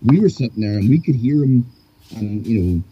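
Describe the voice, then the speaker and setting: A man's voice: lowish voice, expressive, brisk, a little hiss or hum. An Irish man chatting casually over a call, rambling with lots of fillers. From Ireland. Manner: rambling, hesitant, many fillers. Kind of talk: casual chat. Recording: dull lo-fi call audio.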